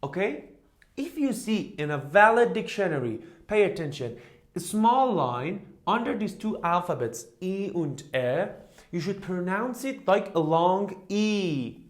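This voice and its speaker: A man's voice: high-pitched, big pitch swings, unhurried. A man teaching a beginner language lesson, drilling each word by repeating it and checking in with "okay?" and "huh?" after nearly every phrase. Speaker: German teacher.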